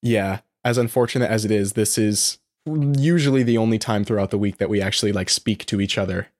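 A man co-hosting a podcast in casual chat, relaxed and dry. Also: fairly low pitch, fairly quick. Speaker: podcast co-host.

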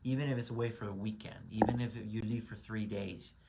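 A man's voice: fairly low pitch, steady tone, a little fast, gravelly, very noisy. A man in his forties, a real estate broker, giving a casual motivational talk with lots of ums and restarts. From Southern California. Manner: rambling, many ums and restarts.

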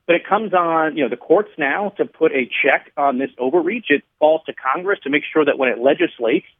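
A man with a fairly high voice speaks as a radio guest and explains a policy in a measured way. He comes through a thin, tinny phone line. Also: expressive. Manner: measured, explanatory, tells stories to make points. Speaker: radio guest, regulatory commissioner.

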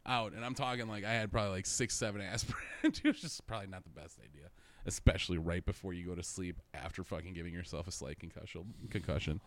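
A man's voice: low voice, quick pace, no room sound. A young man telling a rambling story in casual chat, swearing constantly and laughing through his own stories.

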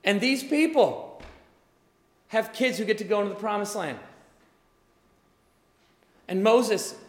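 A male pastor preaching a sermon in an animated way, acting out the people he talks about. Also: high-pitched. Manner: animated, acts out quoted voices. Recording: echoey hall with long reverb.

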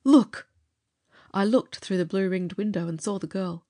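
A woman narrating an adventure story aloud, with measured, expressive storytelling. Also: mid-range voice. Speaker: audiobook narrator. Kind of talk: dramatic audiobook narration.

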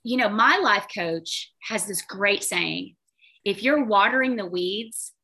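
A woman business coach talking casually in an interview, animated, acting out the voices in her head. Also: medium pitch, slow pace, breathy edge. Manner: animated, acts out quoted inner voices.

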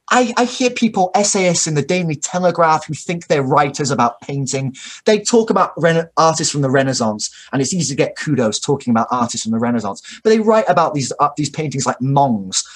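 A man's voice: mid-range voice, husky. A man talking at length in a casual, opinionated way, full of fillers and restarts and the odd swear word. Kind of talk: casual discussion.

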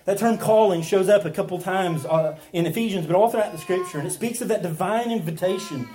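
A man's voice: high voice, brisk, warm tone. An earnest male pastor preaching a sermon in a slightly raised voice. He presses his points with emphatic repetition, stumbling through fillers and restarts as he builds.

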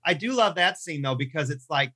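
A man co-hosting a casual film review podcast, chatty and animated, often laughing and restarting his sentences. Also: on the high side, fairly quick, husky. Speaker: podcast co-host.

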